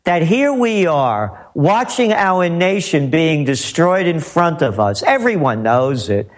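A man's voice: on the high side, very animated, takes it slowly. A man giving heated political commentary, emphatic and repetitive, firing off rhetorical questions. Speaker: guest commentator.

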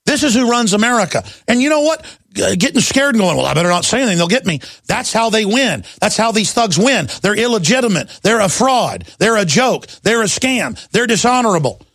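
Man, talk radio host, gravelly voice, fairly high, indignant, emphatic, dry close studio mic. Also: very animated, normal speed, a bit bright, no echo. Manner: emphatic and indignant, addresses listeners as folks. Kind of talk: opinionated talk radio monologue.

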